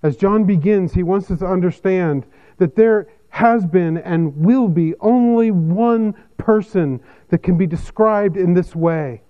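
Pastor, male, somewhat high voice; measured expository sermon delivery, lo-fi sound. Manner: measured expository preaching, lively pitch swings.

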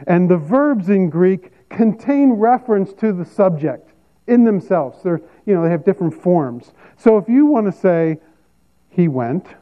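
A man preaching a sermon as a pastor, teaching emphatically and repeating key phrases. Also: fairly high pitch. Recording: tinny phone-like sound.

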